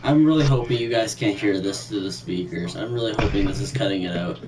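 A man's voice: lowish voice, a little fast, distant mic, background noise. A teenage boy streaming a shooter game, joking crudely with friends in casual chat. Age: teens. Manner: crude, joking, swears a lot. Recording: game audio and chatter behind.

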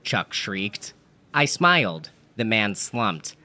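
A man's voice: fairly low pitch, big pitch swings, slow pace, sharp tone. A man telling an absurd comedic story in a dry, matter-of-fact manner. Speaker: narrator.

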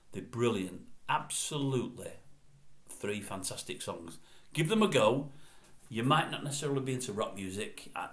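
A man rambles through old memories and keeps correcting himself as he talks. His voice sits a little low. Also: fairly bright tone. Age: 60s. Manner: chatty, meandering, self-correcting. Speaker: vlogger. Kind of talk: rambling reminiscence.

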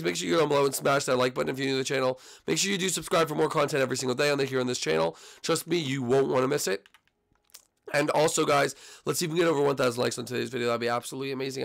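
A young man hosting his gaming channel, giving excitable, trash-talking commentary on his own play. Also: mid-range voice, creaky.

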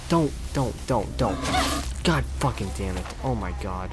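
A young man rants through his gameplay in a lively, up-and-down voice, cursing and exasperated. Game music plays clearly under his talk. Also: lowish voice, normal speed. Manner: swearing, exasperated, loud outbursts. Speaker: gameplay streamer. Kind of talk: casual gaming commentary.

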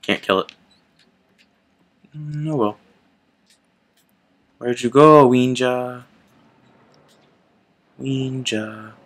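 Young man, gaming host, casual playthrough commentary, chatty, unhurried pace, bright tone. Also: medium pitch. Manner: chatty, reacting out loud to the game.

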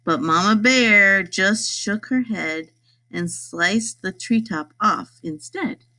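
A woman reading a rhyming picture book aloud, in a lively sing-song way. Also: mid-range voice, slow. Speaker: storybook reader.

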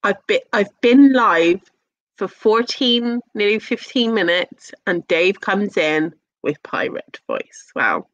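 A woman's voice: mid-range voice, expressive, takes it slowly, no echo, muffled recording. A young English woman chatting casually with her live-stream viewers, teasing and swearing, with lots of fillers.

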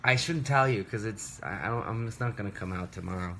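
A man's voice: fairly low pitch, fairly quick, sharp tone, a little hiss or hum. A man in his thirties chatting casually on a livestream from his home work desk, rambling and interrupting himself in a playful way. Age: 30s. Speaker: musician livestreaming.

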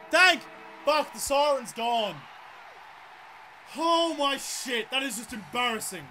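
An Australian man with a very high, bright, sharp voice talks through a football video game as he plays, ranting and swearing freely at the game and his teammates in loose live-gameplay style. There's slight background noise.

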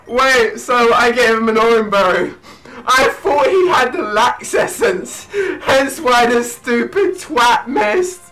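A young man giving hyper, excitable gameplay commentary, often breaking into shrieks and laughter. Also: very high voice, slow, faint music behind, low-quality recording. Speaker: let's play gamer.

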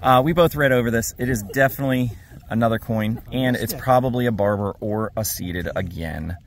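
An upbeat man narrates casually as he works a dig site outdoors. He cheers his friends on at a middle pitch, and his talk is loose and unscripted. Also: fairly quick, a little hiss or hum. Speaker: metal detecting vlog host.

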